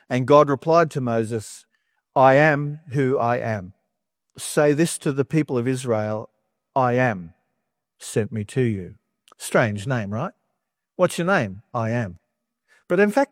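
A man's voice: medium pitch, big pitch swings, measured pace, no room sound. Dry-voiced man preaching casually. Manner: casual with playful asides. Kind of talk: conversational Bible teaching.

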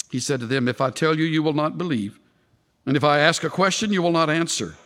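A male preacher giving an expository sermon, animated, with dramatic swings of voice when he quotes. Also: a little fast, big-room sound. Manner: animated, dramatic shifts in pitch when quoting.

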